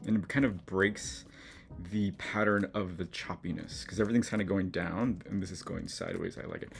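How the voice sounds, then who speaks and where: In a relaxed studio vlog, a middle-aged man who makes collages and hosts the channel chats encouragingly about his work, easily touched as he goes. He sits low with a steady tone, talking a little fast with a creaky quality.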